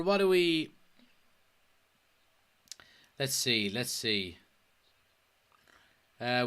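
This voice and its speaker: A man's voice: fairly high pitch, a bit bright. An Irish man hosting a casual football watchalong livestream, joking, swearing and reading viewer comments aloud. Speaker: host.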